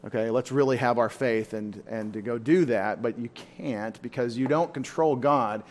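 A man's voice: medium pitch, moderate pace, darkish tone. A man teaching a Bible study in a church, talking informally and asking his listeners questions. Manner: informal, asks the room questions.

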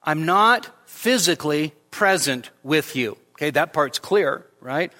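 A man preaching a midweek church sermon, his voice bright and forward with a slightly raised pitch. He talks slowly and conversationally, full of fillers and asides. When he quotes scripture, his voice climbs noticeably higher and louder. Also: lively intonation, long reverb tail. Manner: conversational, with frequent fillers and rhetorical "right?" checks; rises sharply in pitch and volume when quoting scripture. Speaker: pastor. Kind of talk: expository sermon. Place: church sanctuary.

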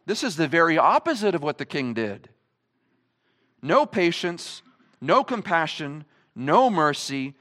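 Man preaching a sermon, high voice, animated swings in pitch, emphatic, rhetorical questions. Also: unhurried. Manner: emphatic, asks the congregation many rhetorical questions. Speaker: pastor. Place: church service.

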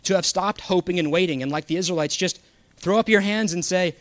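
A man's voice: sits high, a little fast, dry recording. Man, sermon, earnest, emphatic, scripture reading, dry recording. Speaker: preacher.

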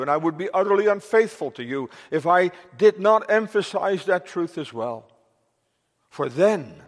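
A man preaching a solemn, urgent sermon, then leading a formal prayer in old-style church language. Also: sits high. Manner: solemn, urgent preaching with slow emphatic pauses. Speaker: pastor. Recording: long reverb of a church hall.

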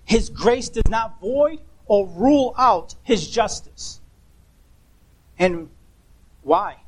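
A man's voice: high-pitched, poor audio. A man preaching a sermon, emphatic and asking rhetorical questions, repeating key words for emphasis.

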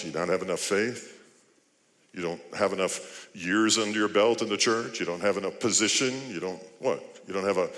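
A man's voice: on the low side, fairly bright tone. A male pastor preaching a sermon, firing off rhetorical questions and building to emphatic appeals. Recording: long hall reverb.

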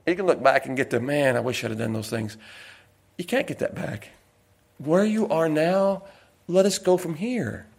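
A man preaching a sermon in a folksy, digressive way, slowing down to stress his points and slipping in personal stories. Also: a little high, vocal fry.

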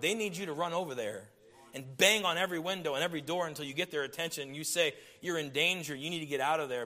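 A middle-aged man with a fairly high voice preaches a sermon, swinging between loud emphasis and hushed, intimate passages.

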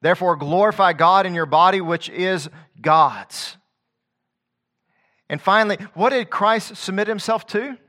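A man preaching with a bright, ringing voice set a little high for a man. He quotes scripture in a rhythmic preaching cadence, dropping quiet and low, then climbing into loud declamation. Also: a little slow. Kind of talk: sermon.

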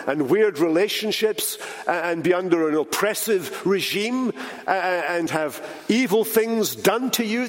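A man preaching a sermon as pastor, emphatic, slowing down and dropping his voice for weight. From Britain. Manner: emphatic, with dramatic slowdowns and drops in pitch. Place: large church sanctuary. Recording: church hall reverb.

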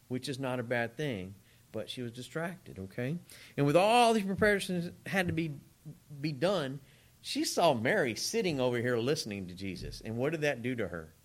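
A man preaching a sermon in a conversational, animated way, with asides to his congregation. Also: medium pitch.

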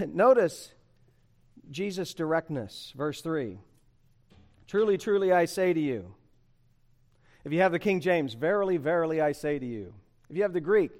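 A man preaching a sermon, emphatic and conversational, asking the congregation rhetorical questions. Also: sits high. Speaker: pastor.

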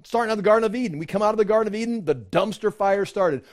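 A man preaching a sermon, teaching from scripture in a conversational, animated way, acting out quoted voices. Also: rapid-fire. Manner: animated, acts out quoted voices with rising pitch; conversational, with fillers and restarts. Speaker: pastor.

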